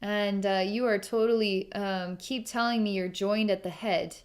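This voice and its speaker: Woman doing a psychic reading, lots of ums and sighs, soft little laughs, medium pitched voice. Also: fairly even intonation. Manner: musing, halting, with frequent ums and sighs. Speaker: psychic reader. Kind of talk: recorded psychic session.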